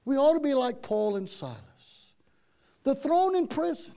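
A man's voice: very high-pitched, very animated, unhurried, vocal fry, dark tone. A man preaching a sermon, folksy and emphatic, repeating himself and often saying "man". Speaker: pastor.

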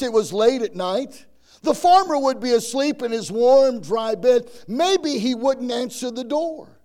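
A man's voice: very high-pitched, a little mellow. A man preaching a folksy sermon, telling stories and acting out the quoted voices.

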